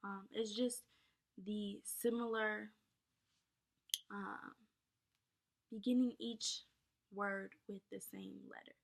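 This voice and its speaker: A young woman talks through poetry terms for her viewers in a loose, chatty way, filling pauses with ums and likes. Her pitch stays fairly flat, and her voice is gravelly with vocal fry. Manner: casual, many ums and likes, addresses viewers as y'all. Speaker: teacher. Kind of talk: informal lesson.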